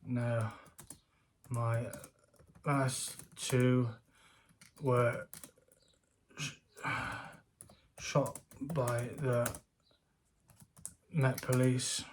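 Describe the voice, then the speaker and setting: A man's voice: medium pitch, flat delivery, drawn-out words, pauses often, slight background noise. A man giving casual, jokey commentary from home as a YouTuber, rambling and laughing often. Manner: chatty, jokey, self-deprecating, laughs often. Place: home room.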